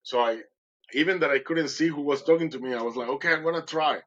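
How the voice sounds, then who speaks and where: A man's voice: fairly high pitch, fast, a bit bright, highs cut off. A podcast guest, a man, recounting a dramatic personal story in conversation and acting out his own words with animation.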